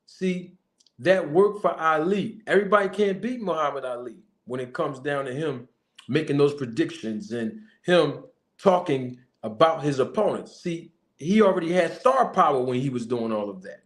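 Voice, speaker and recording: A man's voice: a little high, animated, moderate pace. A man commenting to camera as a boxing manager, giving a young fighter emphatic, repetitive advice and addressing him directly. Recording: echoey room.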